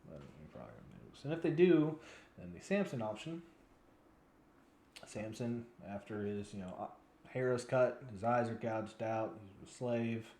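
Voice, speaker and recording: A man's voice: fairly low pitch, big pitch swings, moderate pace, mellow, roomy sound. A man in his twenties giving rambling, frustrated commentary as a news vlogger, sounding weary and yawning now and then. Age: 20s.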